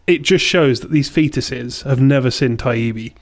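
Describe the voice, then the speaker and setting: A man's voice: mid-range voice, normal speed. A young man co-hosting a podcast, giving blunt, dry opinions in casual chat. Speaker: podcast co-host.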